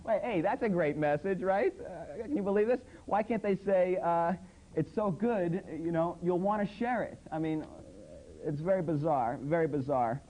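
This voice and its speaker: A man with a high-pitched, dark-toned voice hosts a satirical public access show, talking at normal speed. He mocks commercials with sarcastic incredulity, quoting ads in mock voices under hot studio lights. The recording is rough, with slight background noise.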